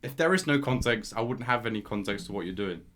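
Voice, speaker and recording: A young man co-hosting a podcast, arguing his point eagerly with quick restarts and stumbles. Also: lowish voice, slight background noise. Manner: animated, argumentative, stumbling restarts. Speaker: podcast co-host. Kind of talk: casual chat.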